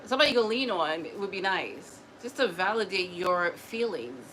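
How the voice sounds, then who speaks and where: A woman talking casually and emotionally to camera, often pausing to address an unseen spirit, with quick restarts and repeated words. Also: on the low side, expressive, a bit bright, rough recording. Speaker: spiritual vlogger. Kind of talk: casual personal talk to camera. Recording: noticeable background noise.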